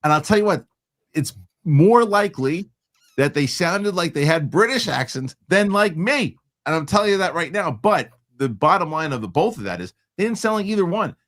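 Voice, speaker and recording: A man's voice: a little high, expressive, moderate pace, a bit bright. A man hosting a casual film chat show, talking emphatically and repeating himself as he makes a point. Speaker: host. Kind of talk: casual panel chat about films.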